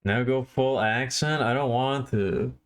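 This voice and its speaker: A man's voice: medium pitch, unhurried. A man streaming while he draws, chatting casually and answering his chat in a mumbling, self-deprecating way.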